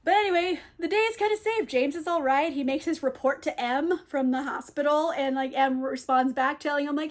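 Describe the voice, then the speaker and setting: A young woman casually retelling a novel's plot, with lots of fillers and frequent laughter. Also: high voice. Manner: laughs often, lots of fillers, quick quoted asides. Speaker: book reviewer. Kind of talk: casual book recap.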